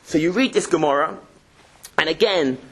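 A man teaching a Talmud class in a synagogue, telling the story in a joking, lively way. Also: on the high side, moderate pace, slightly rough. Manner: jokey, lively storytelling with Yiddish-Hebrew terms. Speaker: Torah teacher.

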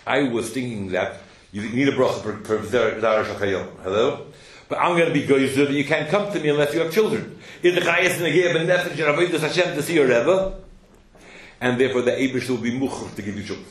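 A man's voice: mid-range voice, fairly quick. A man teaching a Torah class, telling stories with plenty of Hebrew and Yiddish terms and often asking "hello?" to prod his listeners. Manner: animated storyteller, asks "hello?" to prod listeners. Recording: echoey room with faint noise.

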